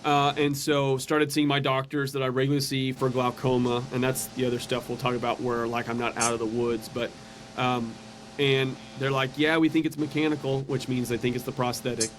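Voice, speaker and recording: A man's voice: medium pitch, monotone, normal speed, slight background noise. Earnest man telling a personal story. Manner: earnest and conversational, acts out quoted voices. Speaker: podcast guest.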